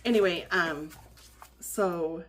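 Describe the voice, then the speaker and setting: A woman's voice: fairly low pitch, takes it slowly. A woman vlogger chatting in a rambling way with lots of fillers and restarts while she decorates her planner. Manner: rambling, many fillers and restarts, laughs often.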